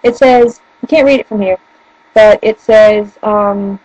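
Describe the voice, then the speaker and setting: A woman's voice: medium pitch, measured pace, mellow, no room sound, muffled recording. A young woman with a northern US accent, chatting casually in a rambling, giggly way. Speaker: vlogger. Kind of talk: casual chat. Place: room at home by a bookshelf.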